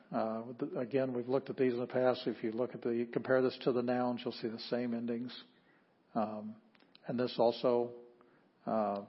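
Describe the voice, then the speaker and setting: A man teaching a language class, explaining patiently with frequent pauses and fillers. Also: mid-range voice, husky, dull audio. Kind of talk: classroom lecture.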